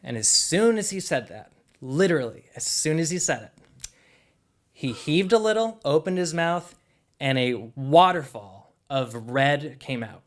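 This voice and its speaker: A young man telling a personal story live on stage, in an animated, conversational way with lots of "like". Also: a little high, unhurried.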